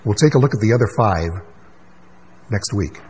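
A man preaching a sermon as pastor, emphatic, with rhetorical questions and quick asides. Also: fairly low pitch, expressive, darkish tone, a little hiss or hum, low-quality recording.

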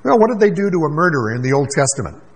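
Male pastor, husky voice, emphatic sermon delivery with quick asides. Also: fairly high pitch, big pitch swings, low-quality recording.

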